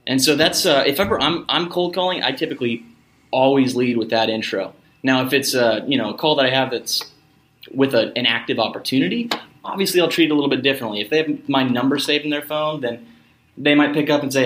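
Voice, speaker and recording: A man's voice: medium pitch, brisk, fairly bright tone. A man who works in sales, talking earnestly in a casual conversation and sometimes acting out phone calls. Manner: earnest, acts out phone lines. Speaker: guest, salesperson.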